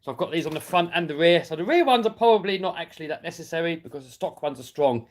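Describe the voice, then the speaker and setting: A British man talks casually on a live stream, reading out viewer comments while he works on a model car. His voice sits slightly high for a man, and he laughs easily. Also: animated, quick pace. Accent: British English. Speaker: RC hobby YouTuber reading live chat.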